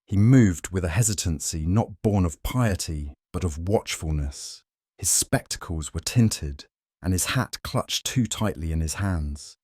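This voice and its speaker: A man giving a measured, even scripted narration of a detective story. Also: deep voice, no room sound, studio quality.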